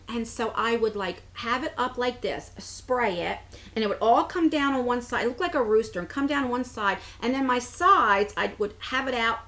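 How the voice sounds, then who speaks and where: Her voice is on the high side and a little bright. A woman in her forties from New Jersey, she chats casually on her beauty vlog, reading out comments from viewers and answering them at rambling length with frequent laughter.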